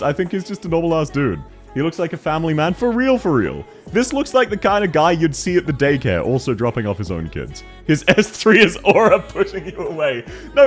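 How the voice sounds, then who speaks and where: An Australian man streaming and chatting casually, joking and laughing often with crude banter. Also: fairly high pitch. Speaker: game streamer. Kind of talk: casual livestream chat.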